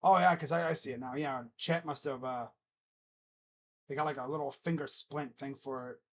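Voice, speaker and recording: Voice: mid-range voice, steady tone. Rambling live game-reaction streamer. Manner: rambling, joking, talks to himself between plays; drawn-out play calls during game action. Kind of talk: casual live play-by-play reaction.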